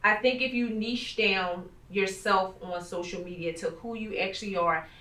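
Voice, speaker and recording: A woman hosting a podcast as a coach, talking in a reflective, measured way. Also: mid-range voice, steady tone, sharp tone, reverberant, far from the mic. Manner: reflective, measured, faith-minded. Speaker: podcast host, life coach. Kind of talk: casual conversational podcast.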